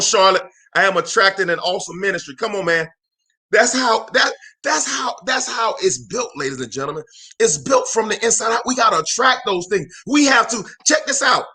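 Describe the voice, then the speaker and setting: A man hosting a live motivational talk alone in a room, energetic and emphatic, repeating phrases and calling out to viewers like a preacher. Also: sits high. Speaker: motivational speaker and show host.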